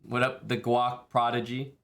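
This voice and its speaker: A man's voice: mid-range voice, level tone, a little slow, creaky, fairly bright tone. A man streaming live, chatting casually with viewers and thanking them, laid-back and jokey. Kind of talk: casual stream chat, reading viewer messages.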